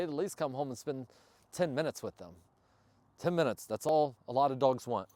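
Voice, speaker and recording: A man who handles and trains his service dog, chatting upbeat to viewers of a casual training vlog outdoors and praising the dog loudly. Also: mid-range voice, moderate pace, dry recording. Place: outdoors, yard or field. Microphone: camera on a stand nearby.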